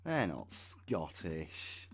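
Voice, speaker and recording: A man's voice: extremely low pitch, huge pitch swings, extremely slow, vocal fry, husky. A man in his thirties reading web pages aloud and adding wry, sarcastic asides as a channel host. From United Kingdom. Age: 30s.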